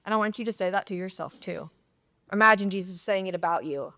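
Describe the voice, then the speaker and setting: A woman's voice: fast talker, pushed and bright, no echo, clean studio sound. A woman pastor preaching a sermon in a conversational way, acting out little dialogues. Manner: conversational, acts out dialogue with rising pitch. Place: church sanctuary.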